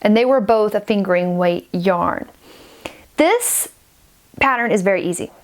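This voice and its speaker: Forty-ish woman vlogger, sniffly, gushing chatty thank-yous, restarts a lot, mid pitch. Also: a little slow. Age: 40s. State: stuffy and sniffly. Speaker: knitting podcaster. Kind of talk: casual chat to camera.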